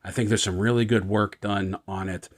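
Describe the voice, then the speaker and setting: A man's voice: lowish voice, steady tone, normal speed. A man hosting a casual toy review vlog, chatty and easygoing, talking straight to his viewers.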